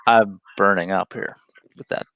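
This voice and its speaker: A man's voice: fairly low pitch, steady tone, a little slow, dry recording, dull audio. Playful guy reading out award winners on a video call, dry sound. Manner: playful, teasing announcer. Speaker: awards co-host. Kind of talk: casual virtual award show.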